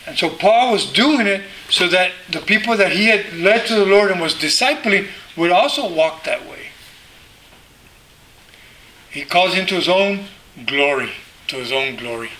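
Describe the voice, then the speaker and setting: High, bright-voiced preaching man. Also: expressive, measured pace, a little hiss or hum, low-quality recording. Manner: earnest preaching with frequent repeated words and restarts. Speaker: pastor. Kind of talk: sermon.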